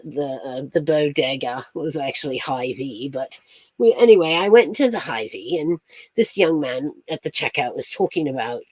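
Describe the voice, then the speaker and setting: A woman's voice: low voice, darkish tone, no room sound. A woman chatting casually on a livestream, rambling from story to story, laughing often and greeting viewers by name. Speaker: astrology streamer.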